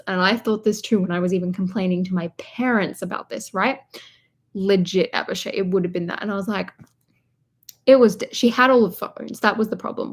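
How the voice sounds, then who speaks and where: A young woman vlogger chatting live from a hotel room, telling a long rambling story and talking to her viewers as she goes. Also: mid-range voice. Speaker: vlogger hosting a livestream. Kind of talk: casual live-stream chat.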